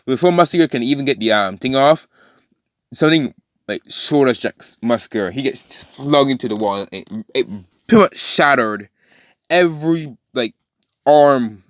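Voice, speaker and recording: A man's voice: medium pitch, expressive, no room sound. Rambling man improvising a fan story. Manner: rambling, self-correcting, with frequent fillers; briefly voices characters in quick quotes. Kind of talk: casual improvised story narration.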